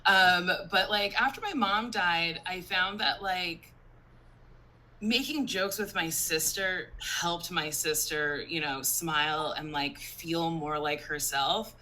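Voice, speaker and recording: A woman comedian telling a personal story casually, with dark humor and lots of "like". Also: lowish voice, slow pace, low-quality recording. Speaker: comedian panelist.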